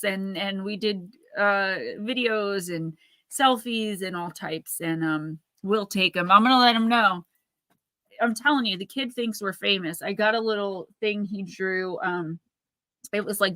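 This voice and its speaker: Woman, 30s, livestream host, rambling casual chat, bright tense tone, dry close sound. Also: medium pitch, unhurried, no room sound. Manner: rambling, chatty.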